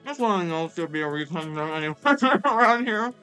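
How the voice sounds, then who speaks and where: Young woman streamer rambling at home, bright voice, jumps all over in pitch. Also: lively intonation, fast, smooth, soft background music. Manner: chatty, self-mocking, swears casually. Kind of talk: casual game commentary.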